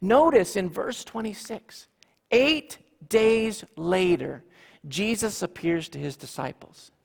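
Animated preacher man, gravelly voice. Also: sits high, long reverb tail. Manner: animated, with dramatic pauses and repeated phrases. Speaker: pastor. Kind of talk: sermon.

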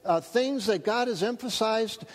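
A high-pitched male pastor delivers an earnest sermon. He stresses important phrases by slowing down. His voice rings with long reverb in a church hall. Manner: earnest, emphatic preaching with slowed key phrases.

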